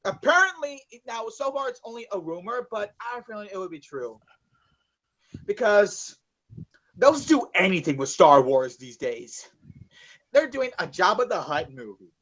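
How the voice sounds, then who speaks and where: A man's voice: high-pitched, sing-song, normal speed, fairly bright tone. A man co-hosting a casual podcast about movies, rambling with many fillers and swearing. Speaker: podcast co-host.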